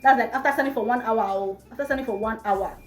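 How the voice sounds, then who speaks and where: A young woman with a Nigerian accent, telling a storytime vlog in an animated, exasperated way. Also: fairly high pitch, fast. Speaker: vlogger. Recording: echoey room, faint music.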